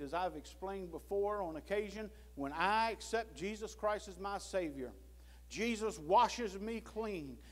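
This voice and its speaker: Man, preacher, high voice, slow delivery, loud pleading then hushed, church sermon. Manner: swings from loud pleading to hushed low tones; acts out prayers and God's words in quotes. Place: church sanctuary.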